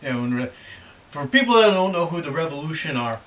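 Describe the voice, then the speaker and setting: A man's voice: fairly high pitch, very animated, fast talker, fairly bright tone, poor audio. A middle-aged man from the United States, a father hosting a casual snack-tasting video, who rambles and teases with dry jokes. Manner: rambling, teasing, jokey.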